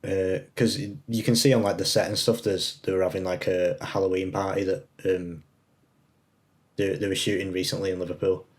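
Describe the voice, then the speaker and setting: A young man with a low voice, co-hosting a podcast from a remote setup. He chats like a film buff, halting often on "uh" as he works through his points. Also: little pitch movement. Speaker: podcast co-host. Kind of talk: casual chat. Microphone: remote call recording.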